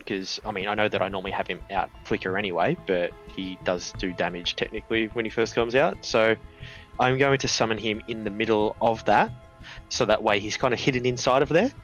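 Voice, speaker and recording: A man's voice: lowish voice, a bit bright, poor audio. A man playing in a tabletop game, thinking aloud with hesitant fillers. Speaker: player. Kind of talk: casual tabletop chat.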